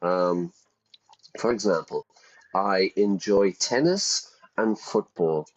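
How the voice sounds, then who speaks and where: A man's voice: low-pitched, slow. A man teaching English vocabulary in a casual, chatty way, explaining words with everyday examples. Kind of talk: casual vocabulary lesson over gameplay. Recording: dull lo-fi sound.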